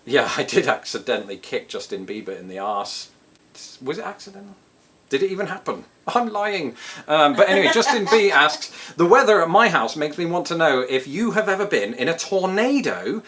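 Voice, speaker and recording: British vlogger, jokey and self-mocking, pitch bouncing up and down a lot. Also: male voice, big pitch swings, a little fast, a bit bright. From Britain. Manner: joking, self-deprecating asides. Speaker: vlogger answering viewer questions. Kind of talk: casual chat to camera.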